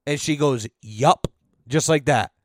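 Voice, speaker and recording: A man's voice: on the high side, a little slow, clean tone, no room sound, clean studio sound. A man hosting a podcast, telling a rambling, profane story in a wry, casual way. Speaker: podcast host.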